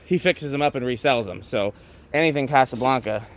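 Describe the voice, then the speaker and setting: A man chatting casually while filming in a thrift store stockroom, out of breath, excited and thinking aloud. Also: medium pitch, brisk. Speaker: vlogger, ceiling fan collector. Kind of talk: casual walk-through chat.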